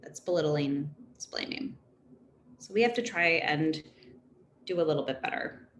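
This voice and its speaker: A woman in her thirties, a therapist, giving an informal talk to parents in a conversational, animated way. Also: sits low, normal speed. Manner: conversational and animated, laughs between points. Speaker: therapist speaking to a parent council. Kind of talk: informal presentation. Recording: echoey room with faint background noise.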